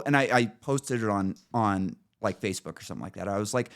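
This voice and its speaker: A man's voice: lowish voice, brisk, hardly any pauses. A man hosting a podcast, telling a story in a casual, profane, rambling way with frequent restarts. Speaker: podcast host.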